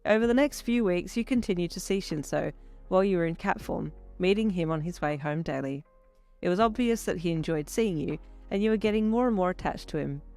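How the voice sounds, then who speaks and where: A woman narrating a fan fiction audio story in a steady storybook manner. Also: on the low side, fairly quick, faint music behind.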